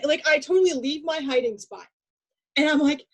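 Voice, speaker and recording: A woman co-hosting a casual chat, telling animated stories with frequent restarts and laughter. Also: high-pitched, quick pace, low-quality recording. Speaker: podcast co-host.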